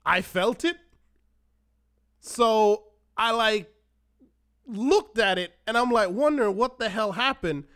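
A man hosting a podcast, telling a personal story in an animated, self-mocking way with dramatic pauses. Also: sits high, clean tone. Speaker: podcast host. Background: faint background music.

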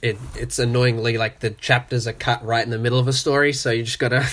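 A man's voice: mid-range voice, flat delivery, fast, a bit bright. A man hosting a podcast, explaining Bible passages in a casual, conversational way with frequent fillers. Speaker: podcast host. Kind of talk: casual Bible study discussion.

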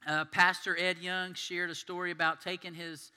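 Preaching to his congregation, this pastor animates a story by performing the voices of its characters. His high voice moves at a moderate pace and sounds smooth, carrying the ambience of a big room.

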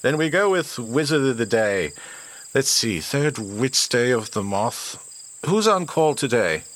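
A man's voice: mid-range voice, big pitch swings, a little slow, a bit bright. An actor playing a pompous, petulant king in a comedy audio drama. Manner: pompous, exasperated.

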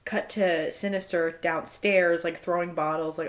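A woman's voice: fairly low pitch, fairly even intonation, unhurried. A young woman co-hosting a casual podcast, recapping a reality show episode, laughing often and acting out what people said. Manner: laughs often, acts out quotes. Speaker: podcast co-host.

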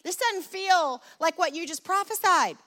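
An eager young dreamer chatters in a high, bright voice, as a woman preacher plays him. He sounds keen and talkative. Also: animated, unhurried, long reverb tail, heavily acted. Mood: bewildered. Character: young male dreamer, boastful then bewildered.

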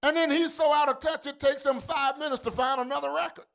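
A male pastor preaching with call-and-response, dropping to quiet asides and rising to shouted, fervent climaxes. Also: very high voice, fairly even intonation, quick pace, vocal fry. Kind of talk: sermon.

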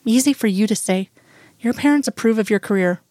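A woman's voice: a little high, brisk, mellow, dry recording, lightly acted. A woman reading the lines of an upset young woman in her late twenties, keeping close to her own voice. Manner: read in the narrator's own voice.

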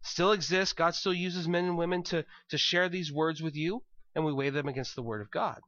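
Bright-voiced man preaching a sermon. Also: fairly high pitch, fairly quick, muffled recording. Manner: conversational, repeats words as he thinks. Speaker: pastor.

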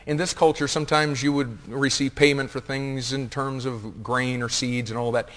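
A man preaching a sermon as pastor, swinging from hushed asides to loud, impassioned reading. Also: mid-range voice, steady tone, normal speed. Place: church sanctuary. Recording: long reverb of a large hall.

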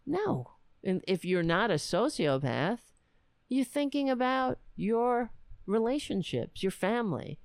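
Slow-talking blunt woman podcaster. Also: on the high side, very animated, a little mellow, dry recording. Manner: blunt, profane, rambling. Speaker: podcast host. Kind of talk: casual livestream commentary. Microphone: webcam setup.

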